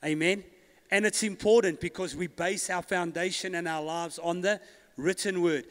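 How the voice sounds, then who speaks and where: A man's voice: high voice, fairly even intonation, normal speed, a bit bright, long reverb tail. A male pastor preaching a sermon with rising emphasis, calling on the congregation to repeat after him. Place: church hall.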